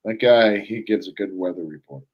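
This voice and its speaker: A man from Florida co-hosting a casual wrestling talk show, chatting in a relaxed, rambling way. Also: on the low side, moderate pace, dull audio. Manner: laid-back, rambling, mimics voices in a hushed tone. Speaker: podcast co-host. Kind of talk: casual chat.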